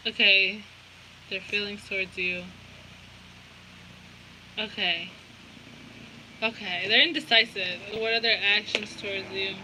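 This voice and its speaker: Blunt, bright-voiced young woman reading tarot. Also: mid-range voice, slow, pauses often, a little hiss or hum, low-quality recording. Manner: blunt, profane, animated slang. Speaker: tarot reader.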